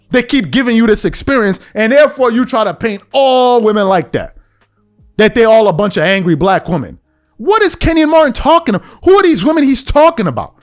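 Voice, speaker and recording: High-pitched man ranting, exasperated. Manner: exasperated, repetitive, emphatic. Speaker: podcast host. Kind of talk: heated rant to camera.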